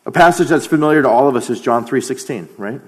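A man's voice: mid-range voice, quick pace. A man preaching a sermon, emphatic, dropping to a near-whisper on key phrases.

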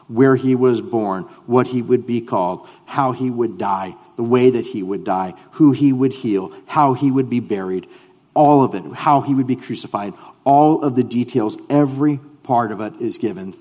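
A man preaching a sermon as pastor. He drops to hushed tones, then rises to loud, fervent declarations. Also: medium pitch, normal speed, big-room sound.

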